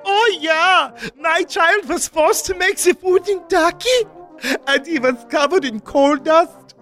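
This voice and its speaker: A man's voice: fairly bright tone, soft background music, full character voice. A man voicing an indignant mother who complains shrilly and drags out her lines. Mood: shrill. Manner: shrill and outraged, drawn-out complaints.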